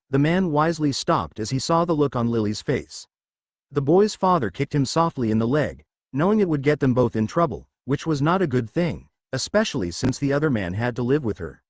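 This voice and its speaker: A man narrating a fan fiction story aloud in an expressive storybook reading. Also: medium pitch, normal speed, no echo, studio quality.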